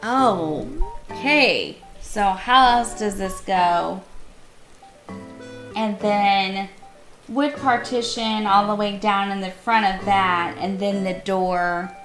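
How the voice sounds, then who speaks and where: A woman streaming herself playing a cozy game, chatting casually with viewers and gushing with excitement over what she builds. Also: mid-range voice, slow pace, faint music behind. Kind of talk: casual live-stream chat while playing.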